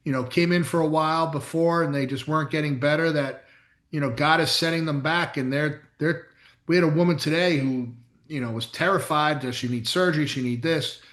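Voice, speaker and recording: A man's voice: fairly high pitch, brisk, a bit bright. A middle-aged man, a chiropractor co-hosting a casual chat, telling blunt, emphatic stories with some mild swearing. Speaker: chiropractor, podcast co-host. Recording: echoey room.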